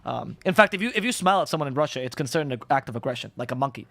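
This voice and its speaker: A man, an esports caster, chatting on a panel and telling stories in a fast, animated way. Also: medium pitch, gravelly, no room sound. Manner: fast, animated storytelling, swears and laughs often. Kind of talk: casual panel chat.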